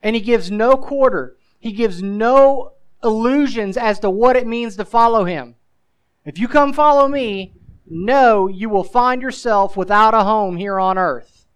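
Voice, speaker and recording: A man's voice: high-pitched, unhurried, clear, resonant tone, low-quality recording. A male pastor preaching a sermon. He mixes scripture with casual asides and presses the listener with emphatic rhetorical questions.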